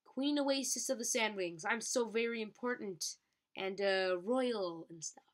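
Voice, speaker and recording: A woman's voice: mid-range voice, unhurried, lightly acted. A small, eager young female dragon puts on airs as a mighty queen, mock-grand and playful. A woman reads her aloud in a storybook reading. The voice stays fairly close to an everyday one. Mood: playful pompous.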